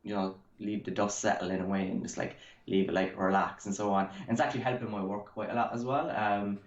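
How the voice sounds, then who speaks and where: A man's voice: lowish voice, fairly even intonation, fast talker. Rambling Irish man, echoey call. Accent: Irish, Cork. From Ireland. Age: 30s. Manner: rambling, full of fillers and likes. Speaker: guest artist. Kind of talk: casual chat. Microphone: video call. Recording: echoey, dull video call audio.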